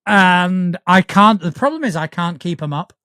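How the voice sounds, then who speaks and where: A man from the north of England with a northern English accent, hosting a casual chat and talking in halting bursts, with restarts and swearing. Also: high-pitched, lively intonation, bright, forceful tone, smooth, no room sound, clean studio sound. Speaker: podcast host.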